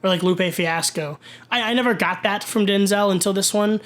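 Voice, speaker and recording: High-voiced cursing podcast man. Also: normal speed, a bit bright. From Kentucky. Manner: profane, rambling, emphatic. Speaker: podcast co-host. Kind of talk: casual chat.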